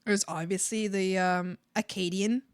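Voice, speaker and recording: A Canadian woman streamer chatting casually with viewers while she draws, giggly and animated, often laughing. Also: medium pitch, unhurried, clear, resonant tone.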